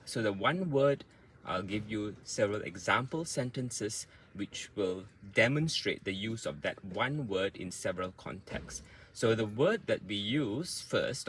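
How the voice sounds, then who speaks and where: A man's voice: on the low side, fairly bright tone, a little hiss or hum, low-quality recording. A man teaching English pronunciation, patiently explaining word stress step by step, with frequent fillers. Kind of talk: pronunciation lesson.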